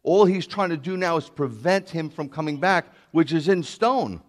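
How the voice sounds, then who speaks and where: A man preaching as a rabbi, emphatic and building to loud declarations. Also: on the high side, expressive, normal speed. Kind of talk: sermon.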